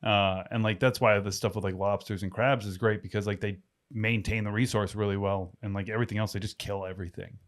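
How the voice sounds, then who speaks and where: A man with a low voice talks in a loose, rambling way and fills his sentences with "like". He is co-hosting a relaxed chat show and sounds easygoing. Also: brisk. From New England. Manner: rambling, lots of "like" fillers. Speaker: podcast co-host. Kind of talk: casual chat.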